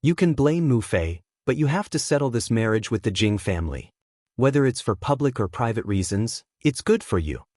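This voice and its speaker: A haughty, imperious palace consort scolds with a pitch that swings up and down, as a man reads her lines. The sound is close and dry, with no room behind it. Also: very animated, moderate pace, a little mellow, no room sound. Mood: stern. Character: proud, imperious imperial consort, middle-aged woman.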